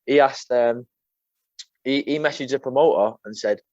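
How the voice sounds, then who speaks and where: A man's voice: medium pitch, moderate pace, darkish tone, dry recording. A young man, an MMA fighter as a guest, chatting casually and rambling through stories while he swears and keeps saying "mate". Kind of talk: casual chat. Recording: dull lo-fi sound.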